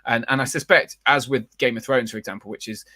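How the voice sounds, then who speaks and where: A man's voice: mid-range voice, fairly even intonation, quick pace, bright, forceful tone, no echo, studio quality. Rambling male livestream host. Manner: rambling, many fillers and restarts. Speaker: podcast host. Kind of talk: casual livestream chat.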